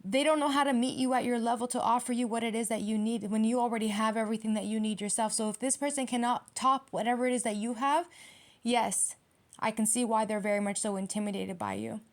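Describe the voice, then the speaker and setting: A woman's voice: a little high, steady tone, fast talker. A woman giving a casual tarot reading, talking bluntly with lots of swearing and emphatic rhetorical questions. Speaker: tarot reader.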